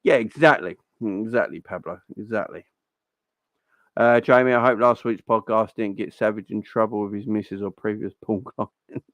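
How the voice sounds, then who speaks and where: A young man hosting a casual football fan livestream, chatty and giving shout-outs to viewers. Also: fairly low pitch, moderate pace, no room sound, dull audio.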